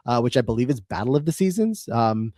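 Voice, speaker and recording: A man co-hosting a podcast, talking through a reality show recap in a loose, rambling way full of "um" and "uh". His pitch sits in a middle range, and the sound is dry and close with no room echo. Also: quick pace. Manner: relaxed, rambling with many fillers. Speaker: podcast co-host. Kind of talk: casual podcast recap chat.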